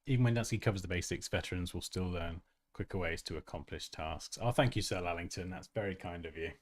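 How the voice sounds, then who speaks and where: A man's voice: deep voice, quick pace. A man hosting a casual design tutorial livestream, chatty and self-mocking, who laughs often and reads chat comments aloud.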